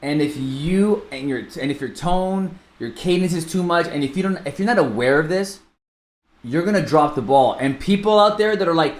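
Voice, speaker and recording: A man co-hosting a casual podcast as a real estate coach, talking quickly and restarting his sentences. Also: on the high side. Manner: animated, fast-talking, self-interrupting. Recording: echoey room.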